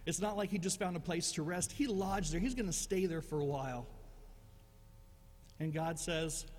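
A man's voice: high voice, moderate pace, a little mellow, big-room sound. A male pastor preaching a sermon in a conversational, self-deprecating way, often repeating words as he goes.

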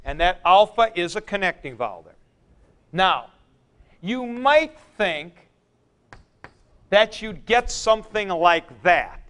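A man teaching a classroom lecture, explaining deliberately with frank asides to his students. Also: sits high, big pitch swings, fairly bright tone, smooth. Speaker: Greek teacher.

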